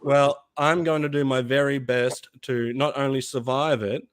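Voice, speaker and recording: A man's voice: mid-range voice, fairly even intonation, normal speed, clear, resonant tone, dry recording, studio quality. A man with an Australian accent, chatting casually and joking at his own expense. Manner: self-mocking, joking. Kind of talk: casual chat.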